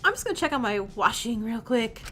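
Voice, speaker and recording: A woman's voice: fairly high pitch, very animated, a little fast, a bit bright. A woman reading the lines of a shy, awkward nonbinary teen student from a visual novel, hesitant and trailing off.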